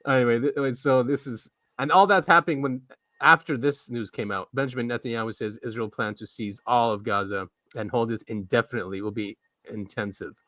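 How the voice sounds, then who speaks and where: A man's voice: mid-range voice, fairly even intonation, a little fast, sharp tone, no room sound. A man co-hosting a podcast in casual, rambling chat, often laughing. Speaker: podcast co-host.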